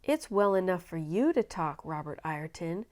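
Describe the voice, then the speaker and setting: A woman's voice: fairly low pitch, very animated, normal speed, darkish tone. A woman voicing an anxious pioneer mother holding a baby, speaking in a fretful, pleading way in a storybook reading. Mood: worried.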